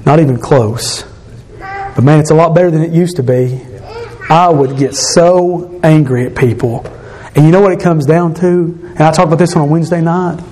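A man's voice: on the high side, moderate pace, darkish tone. A middle-aged man preaching a candid, self-deprecating evening sermon in a church, sighing between points. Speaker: pastor. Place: church sanctuary.

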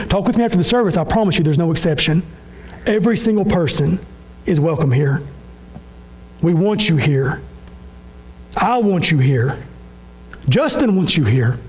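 A pastor preaching a sermon with impassioned, repetitive phrasing that swings between soft low lines and raised high ones. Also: male voice, rough recording. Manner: impassioned, repetitive preaching with sudden drops and rises in pitch.

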